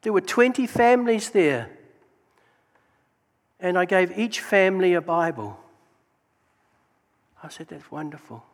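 High-voiced New man giving testimony. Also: takes it slowly, long pauses. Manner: storytelling, animated, exclaims praise. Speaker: Gideons member giving testimony. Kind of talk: church testimony talk. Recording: long hall reverb.

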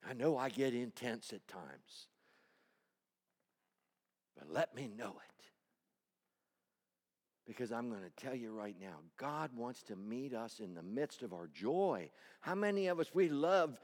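A man preaching a sermon, moving between loud, intense appeals and quiet, personal storytelling. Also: medium pitch. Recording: long reverb hall.

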